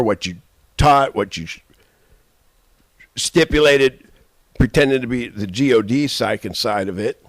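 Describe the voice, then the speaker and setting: A man in a rambling, profane personal rant, swinging between shouting and muttering. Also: lowish voice, no room sound. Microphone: handheld camera.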